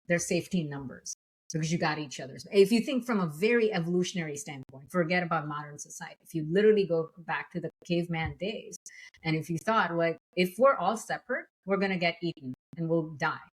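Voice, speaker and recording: Woman talking slow and thoughtful, lower voice, little laughs. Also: lively intonation, breathy edge, poor audio. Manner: measured, thoughtful, laughs lightly. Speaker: podcast guest. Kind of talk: reflective conversation.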